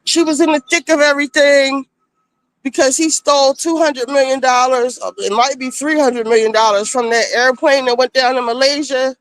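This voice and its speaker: A woman's voice: sits high, fairly even intonation, moderate pace. A woman streaming from her phone, giving a blunt, gossipy, profane recap of reality-show drama in casual chat.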